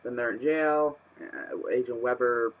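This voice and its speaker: Here a man reviews a book on a casual vlog, his medium-pitched voice unhurried and fairly even in intonation. He rambles with plenty of fillers and restarts and erupts into exasperated rants; the webcam mic makes it sound muffled.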